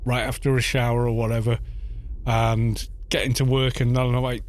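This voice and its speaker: In a mid-range, level voice at a moderate pace, a middle-aged gaming streamer from Wales chats and jokes with viewers. He has a Welsh accent, often stumbles over his words, and laughs as he responds to chat.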